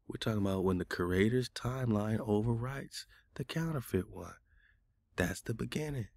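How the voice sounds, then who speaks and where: A man's voice: fairly low pitch, normal speed, vocal fry, a little mellow, dry recording. A man hosting a casual radio talk show, arguing back in loose, colloquial speech. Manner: argumentative, colloquial, talks back at a chatbot.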